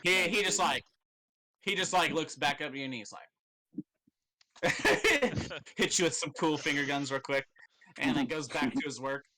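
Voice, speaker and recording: A man narrating as game master, loose, profane and quick to laugh. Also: fairly high pitch, animated, pushed and bright, a little hiss or hum.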